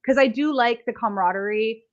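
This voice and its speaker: A woman's voice: fairly high pitch, a little fast, highs cut off. A Canadian woman co-hosting a podcast, chatting casually in a rambling, self-deprecating way. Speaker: podcast co-host. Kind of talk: casual chat.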